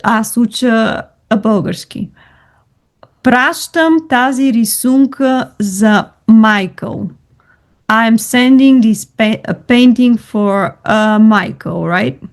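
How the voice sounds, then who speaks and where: A woman's voice: fairly high pitch, takes it slowly. A woman teaching a language lesson over a video call, patient and encouraging, switching between languages. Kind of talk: online tutoring lesson.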